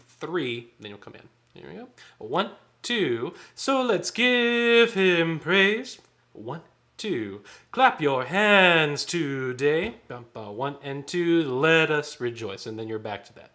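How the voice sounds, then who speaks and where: A choir director with a mid-range, somewhat bright voice leads a rehearsal. He counts off beats and sings short phrases to demonstrate how they should go.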